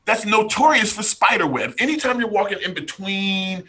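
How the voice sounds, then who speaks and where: A man from the United States tells a story as a podcast guest, talking straight to his listeners with lively energy. His voice is bright and forceful, pitched a bit high for a man. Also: normal speed, husky. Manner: animated storyteller, addresses listeners directly. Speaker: podcast guest, strength coach. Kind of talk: casual chat, storytelling.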